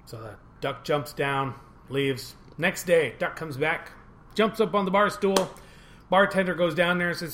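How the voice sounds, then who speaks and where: An older man chats casually as a podcast co-host, halting and restarting as he tells a long joke. His voice sits in a middle register, and faint ambient noise hangs in the room behind him. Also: medium pitch, a bit bright. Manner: self-deprecating, halting, with many restarts. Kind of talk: casual chat, joke telling.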